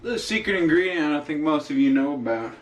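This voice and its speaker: A man's voice: fairly high pitch, animated, fast talker. Joking young man in an echoey kitchen. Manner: jokey, rambling, self-amused. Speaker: cooking vlogger. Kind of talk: casual cooking vlog chat. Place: home kitchen. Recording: echoey kitchen with cooking noise. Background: frying and sizzling.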